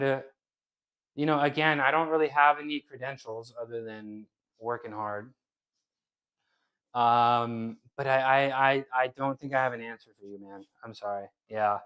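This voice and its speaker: A man's voice: medium pitch, fairly bright tone, clean tone. A man casually coaching handstands during a live workout stream, rambling and repeating himself as he talks to chat. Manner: talks to chat while exercising. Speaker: fitness streamer.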